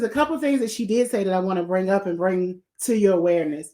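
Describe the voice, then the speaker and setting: A middle-aged woman hosts a podcast in a loose, conversational way. She gushes over her guest and says the same praise twice. Her voice sits at an ordinary pitch, neither high nor low. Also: fast. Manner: warm, effusive, repeats praise. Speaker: podcast host. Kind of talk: casual interview chat.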